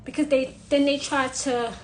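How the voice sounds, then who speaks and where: A woman giving forceful advice in a monologue, hammering her points home by repeating them. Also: high-pitched, flat delivery, normal speed, a little hiss or hum, rough recording. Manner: insistent, repeating phrases for emphasis. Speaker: witch sharing advice. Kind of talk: emphatic monologue to camera.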